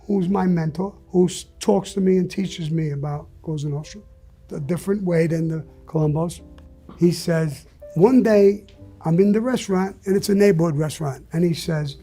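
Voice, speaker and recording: A man's voice: a little high, mellow, slightly rough. An older man telling stories as an interview guest, blunt and profane, acting out what people said. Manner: blunt and profane, acts out quotes. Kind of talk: storytelling in conversation.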